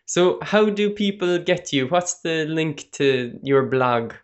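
A man's voice: fairly high pitch, lively intonation, takes it slowly, highs cut off. A man hosting an interview show, wrapping up with encouraging remarks to his guest. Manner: encouraging, brief affirmations. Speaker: podcast host. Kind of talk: casual interview chat.

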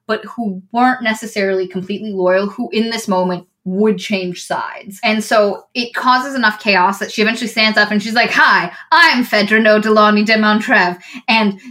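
A woman casually retelling a book's plot on a podcast, animated and swearing freely. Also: medium pitch, normal speed. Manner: animated retelling with swearing, acting out lines of the characters. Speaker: podcast co-host.

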